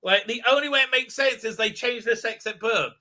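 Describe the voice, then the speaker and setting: A man's voice: very high-pitched, brisk, bright, forceful tone. A man hosting a live commentary stream, rambling and sarcastic, with many fillers and mocking voices when he quotes people. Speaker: show host.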